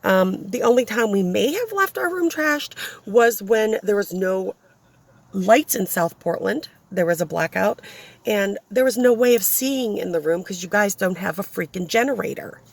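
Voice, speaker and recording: A woman's voice: medium pitch, expressive, moderate pace, vocal fry, dry recording. A young woman venting bluntly and profanely in a casual vlog, filmed on a handheld phone inside her car. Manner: exasperated ranting, blunt and profane. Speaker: vlogger, single mother. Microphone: handheld phone, shaky.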